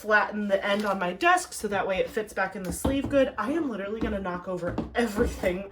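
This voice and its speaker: A woman's voice: medium pitch, fairly quick, background noise. A woman hosting a casual craft unboxing at home, chatty and enthusiastic as she gushes over the details. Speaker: craft video host.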